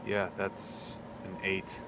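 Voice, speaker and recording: A man's voice: low-pitched, monotone, takes it slowly, crowd noise. A man playing in a tabletop game, talking in a loose, laid-back way. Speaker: player. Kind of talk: casual tabletop game play.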